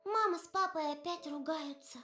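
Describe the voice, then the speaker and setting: A woman's voice: very high-pitched, brisk, pushed and bright, soft background music. An actress voicing an anxious little girl, a younger sister in a video game, speaking in an earnest, pleading way.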